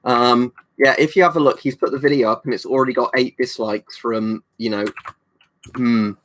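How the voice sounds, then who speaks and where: A man's voice: medium pitch, steady tone, moderate pace, fairly bright tone. A British man chatting on a livestream, reading out viewer comments and rambling with many ums and restarts. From United Kingdom. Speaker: livestream host.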